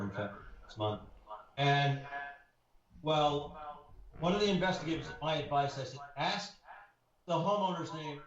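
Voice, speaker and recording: A man who investigates the paranormal, telling anecdotes in a casual radio interview, rambling with many fillers. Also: mid-range voice. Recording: roomy, muffled, with crowd noise.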